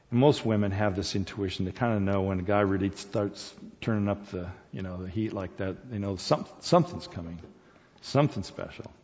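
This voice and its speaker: Male speaker, folksy and animated, talks straight to the crowd; muffled recording with long hall echo. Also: lowish voice. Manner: folksy, halting, animated, addresses audience directly. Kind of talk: storytelling to an audience. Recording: dull sound in reverberant hall.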